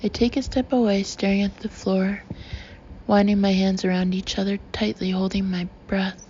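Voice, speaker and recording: A woman reads a first-person novel aloud in a mellow, warm voice, drawing the listener close. Her delivery is intimate and emotional, and the recording sounds slightly dull and muffled, with faint background noise. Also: medium pitch, level tone, normal speed. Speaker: audiobook narrator. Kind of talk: first-person audiobook narration.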